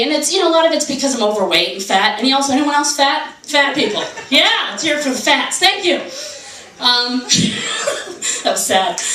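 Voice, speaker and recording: A woman's voice: sits high, sharp tone, slight background noise. A woman in her forties doing a stand-up comedy set, brash and swearing, with mock-outraged rants. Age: 40s. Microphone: handheld camera from the audience. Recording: roomy club sound from a distant camera. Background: audience laughter.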